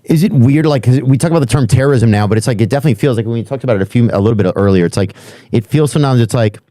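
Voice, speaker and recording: A man's voice: mid-range voice, very fast, warm tone, dry recording, studio quality. A man hosting a podcast, asking questions in a casual, hesitant and rambling way with many fillers. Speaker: podcast host. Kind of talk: casual interview chat.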